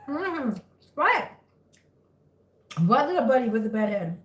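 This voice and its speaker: A woman with a fairly high voice hosts a casual livestream from home, slipping between cooing baby talk for her cats and chatty asides to her viewers. She sits some distance from the mic, and the room gives her voice a noticeable echo. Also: big pitch swings, unhurried, pauses often. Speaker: cat rescue livestream host. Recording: echoey room, far from mic.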